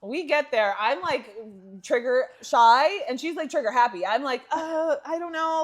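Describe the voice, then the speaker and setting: A woman co-hosting a podcast, telling travel stories in casual chat, animated and laughing often. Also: high voice, normal speed, few pauses. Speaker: podcast co-host.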